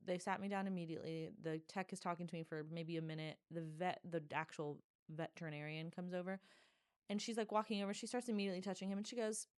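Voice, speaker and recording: A woman hosting her own podcast, telling a story in a casual, animated way, full of "like" and dramatic asides. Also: on the low side, quick pace, clear, resonant tone, no room sound, studio quality. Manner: animated, dramatic, filler-heavy with lots of "like". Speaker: podcast host.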